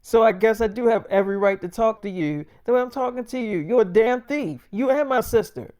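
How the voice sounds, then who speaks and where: A man's voice: high-pitched, moderate pace, warm tone, no echo. A man voicing a furious young wife who scolds her mother, cursing heatedly in a freestyle role-play story.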